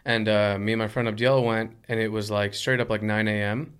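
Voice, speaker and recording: Smooth-voiced man interviewing casually. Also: on the low side, flat delivery, brisk, fairly bright tone.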